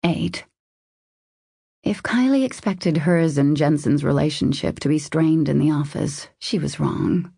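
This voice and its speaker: A woman narrating a romance audiobook in a measured, intimate storytelling manner. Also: deep voice, creaky, dark tone, slightly rough, no echo, studio quality.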